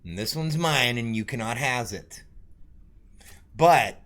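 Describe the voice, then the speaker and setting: A man with a bright, forceful voice hosts a live stream. He talks in a loose, joking way, drifting between topics and swearing freely. His pitch sits in an ordinary middle range. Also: animated, slow pace. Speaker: streamer and show host. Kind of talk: casual stream chat.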